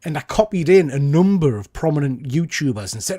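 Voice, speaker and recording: A man's voice: fairly high pitch, expressive, brisk, warm tone. Chatty man co-hosting a show. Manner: chatty, rambling, self-correcting. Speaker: podcast co-host. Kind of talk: casual chat.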